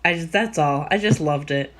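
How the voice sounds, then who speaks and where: Enthusiastic low-pitched woman. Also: normal speed, a bit bright, a little hiss or hum. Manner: enthusiastic, laughs often. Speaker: podcast co-host. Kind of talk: casual chat.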